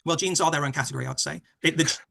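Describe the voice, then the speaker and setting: Bright, gravelly man firing back fast. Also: a little high. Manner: quick, short rebuttals, stumbles over words. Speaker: debater. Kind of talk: heated live debate. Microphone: remote call.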